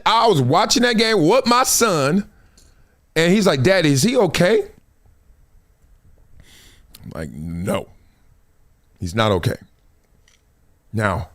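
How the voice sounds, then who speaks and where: Guy hosting his live show, high voice, really lively delivery. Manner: animated, emphatic storytelling. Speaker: show host. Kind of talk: live-stream commentary.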